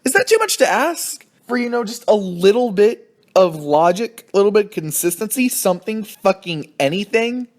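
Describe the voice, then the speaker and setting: A man reviewing a TV episode in an angry, profane rant. He sounds exasperated, and his voice leaps up high when he gets indignant. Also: sing-song, normal speed. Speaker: TV show reviewer.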